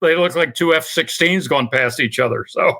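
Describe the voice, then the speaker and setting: Older male guest, bright, fairly high voice, earnest and halting with fillers. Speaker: interview guest, author. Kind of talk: conversational interview.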